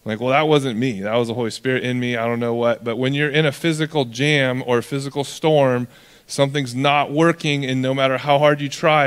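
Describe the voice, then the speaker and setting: A man's voice: mid-range voice, steady tone, moderate pace, clear, resonant tone. A man from California preaching a sermon as pastor, in a casual, joking storytelling manner.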